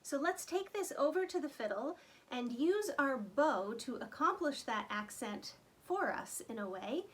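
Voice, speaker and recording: A woman's voice: high-pitched, very animated, a little slow. A woman fiddle teacher talking through a lesson in a chatty way, counting beats aloud as she explains. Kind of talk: friendly instructional talk.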